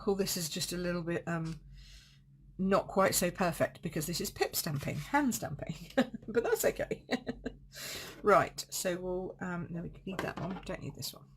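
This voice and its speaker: A woman's voice: fairly low pitch, a little slow, slight background noise. A woman leading a live card-making demonstration, chatting, thinking aloud and correcting herself as she works. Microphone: desk setup streaming live.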